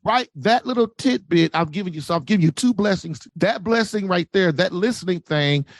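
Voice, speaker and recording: A man giving relationship advice as a podcast guest, preachy and animated, acting out quoted voices. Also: sits high, moderate pace, no room sound.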